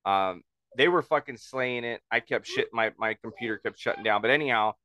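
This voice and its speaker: A man's voice: mid-range voice, a little fast, pushed and bright, slight background noise. A man co-hosting a casual chat, laid-back and slangy.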